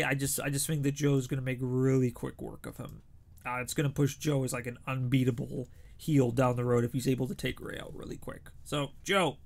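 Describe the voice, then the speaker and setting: A man's voice: medium pitch, gravelly. A young man giving casual, opinionated predictions as a show host, chatty with frequent restarts.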